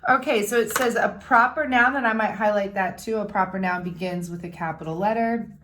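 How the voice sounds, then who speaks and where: A woman's voice: medium pitch, a bit bright. Woman teacher sounding out words patiently. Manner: patient, explains step by step, sounds out words slowly. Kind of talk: recorded remote classroom lesson.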